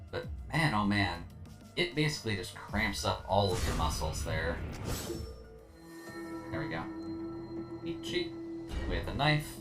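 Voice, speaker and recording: A tired man streaming a video game, talking through his play in a laid-back, rambling way with lots of fillers and slightly slurred words. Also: fairly low pitch. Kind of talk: casual gameplay commentary.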